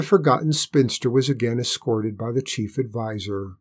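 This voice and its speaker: A man calmly narrating a fairy tale aloud. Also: medium pitch, normal speed, few pauses. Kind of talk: storybook narration.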